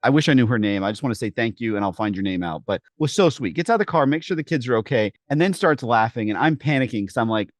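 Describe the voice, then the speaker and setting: A man co-hosts a fitness podcast, telling stories in a casual chat and animatedly acting out the quotes. His mid-range voice moves at a quick pace with few pauses, and the recording is dry and studio quality.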